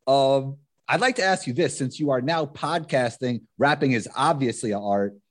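A man's voice: medium pitch, normal speed. A man hosting his own podcast, reading an upbeat promotional intro and then chatting easily with a guest. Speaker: podcast host.

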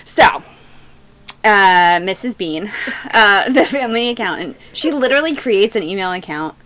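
A woman in her thirties retells a true crime story on a casual podcast. Her voice is bright and lively, with pitch swinging up and down. She rambles, laughs easily and stumbles over names. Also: normal speed. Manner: rambling, laughs often, loses track of names. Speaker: podcast co-host.

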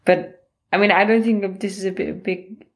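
A woman discussing a novel in a casual chat, thoughtful and measured. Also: mid-range voice, fairly even intonation. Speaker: book club participant.

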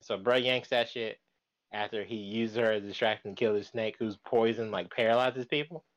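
A man's voice: fairly low pitch, normal speed. A man co-hosting a podcast in casual chat, talking in a slangy, profane way. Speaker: podcast co-host.

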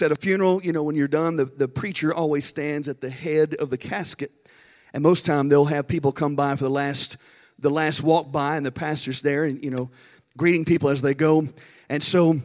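A man, a pastor preaching and telling a story in an animated, folksy way with dramatic pauses. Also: high voice. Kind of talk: storytelling sermon. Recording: long reverb in a large hall.

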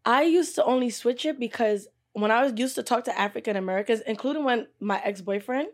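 A woman's voice: fairly high pitch, a little fast. Outspoken woman in casual chat.

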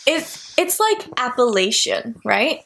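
A woman's voice: fairly high pitch, sing-song, takes it slowly, creaky, fairly bright tone, a little hiss or hum. A young woman co-hosting a podcast in casual, emphatic chat, with many fillers. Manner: chatty and emphatic, heavy use of "like". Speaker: podcast co-host.

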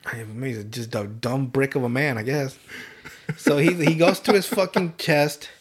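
Man, podcast host, casual recap, profane, animated, mid-pitched voice. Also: slightly rough. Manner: profane, animated retelling with quick voiced asides. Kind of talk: casual chat, recapping an anime.

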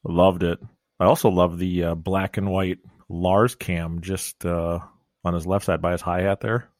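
A man's voice: low-pitched, flat delivery, measured pace, darkish tone, no echo, clean studio sound. A man from Minnesota hosting a podcast in casual, jokey chat. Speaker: podcast host.

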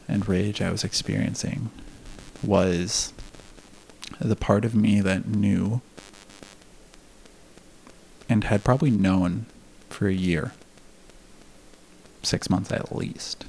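A man's voice: lowish voice, creaky, a little mellow. A man telling a candid personal story in casual conversation, laughing now and then and swearing freely. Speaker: podcast guest.

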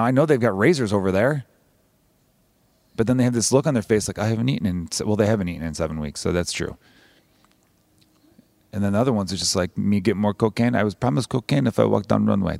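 A man's voice: fairly low pitch, no room sound. A man hosting a podcast, talking in a casual, rambling, wry comedic monologue full of swearing. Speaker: podcast host.

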